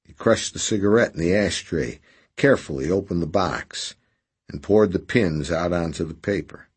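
A man narrating a novel as an audiobook, steady and unhurried. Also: sits low, husky.

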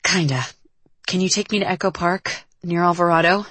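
A woman's voice: fairly low pitch, steady tone, moderate pace, a bit bright, breathy edge, no echo. A woman voicing a young woman, a former runaway, speaking hesitantly and carefully. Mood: guarded.

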